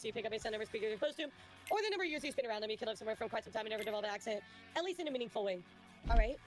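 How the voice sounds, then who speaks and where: Fast-talking high-voiced streamer woman, native Russian speaker. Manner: chatty, answers chat messages as she goes. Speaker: VTuber streamer. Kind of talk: livestream chat with viewers.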